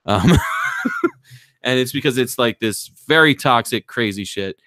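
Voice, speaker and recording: A man hosting a casual podcast, rambling through a movie plot and briefly mimicking the characters in quick voices. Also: mid-range voice, fairly bright tone, smooth, dry recording, clean studio sound. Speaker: podcast host.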